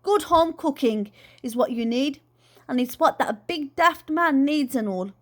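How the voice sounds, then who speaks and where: Woman doing bossy aunt, blunt, scolding, high, loud, storybook reading. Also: lively intonation, measured pace. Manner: scolding, dramatic exclamations.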